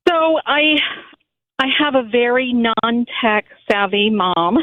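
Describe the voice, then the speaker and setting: A woman's voice: on the high side, animated, slow, dry recording. A woman calling a radio show who speaks hesitantly, with some fillers. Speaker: caller. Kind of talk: phone-in call. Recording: tinny phone line.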